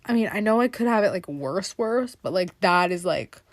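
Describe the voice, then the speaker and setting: A woman's voice: medium pitch, expressive, normal speed, no room sound. A young woman hosting a podcast, telling stories in a rambling, dramatic way and laughing often. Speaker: podcast host. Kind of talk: casual podcast monologue.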